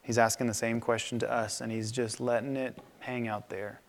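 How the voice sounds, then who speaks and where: A man pastor preaching a sermon in a conversational, animated way, in a church sanctuary. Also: mid-range voice, moderate pace. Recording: long reverb of a large hall.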